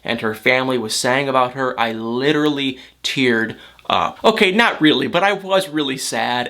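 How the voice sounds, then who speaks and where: A man's voice: mid-range voice, normal speed, pushed and bright. A man recapping a reality show in a casual vlog, chatty and emotional, full of fillers and repeated words. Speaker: reality TV commentator.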